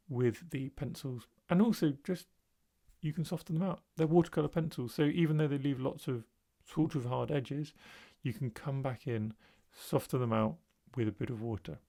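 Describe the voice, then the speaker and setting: A man's voice: medium pitch, moderate pace, vocal fry. Male art tutor, mid-range voice, casual demo voice-over with fillers. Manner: relaxed, thinking aloud with fillers. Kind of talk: voice-over narrating a painting demo.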